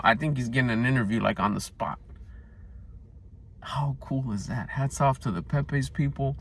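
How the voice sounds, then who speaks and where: A man in his fifties chatting to the camera as he goes about his day. He rambles and reflects, often stopping to restart a thought, in a voice of ordinary middle pitch. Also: normal speed, no room sound, poor audio. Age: 50s. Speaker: vlogger. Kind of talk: casual vlog chat. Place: out and about running errands.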